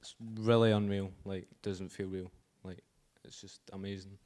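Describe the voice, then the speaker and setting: A man's voice: low voice, flat delivery, moderate pace, darkish tone. A sixteen-year-old male driver from Scotland giving shy, short answers. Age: teens. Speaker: racing driver.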